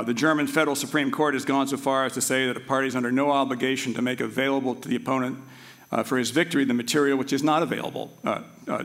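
A man's voice: mid-range voice, a bit bright. Male law lecturer, academic talk, hesitant with frequent fillers, chatty asides. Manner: halting, with frequent restarts and filler words; aside-prone and conversational.

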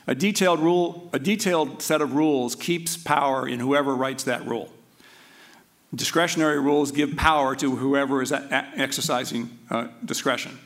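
A man's voice: on the high side, fairly bright tone. Male law lecturer, academic talk, hesitant with frequent fillers, chatty asides. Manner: halting, with frequent restarts and filler words; aside-prone and conversational.

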